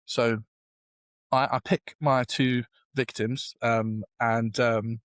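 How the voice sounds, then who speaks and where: A man's voice: medium pitch, slow, smooth, no room sound. Self-deprecating British man telling a story. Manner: animated, self-deprecating storyteller with many fillers. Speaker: guest. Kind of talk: storytelling in a podcast interview.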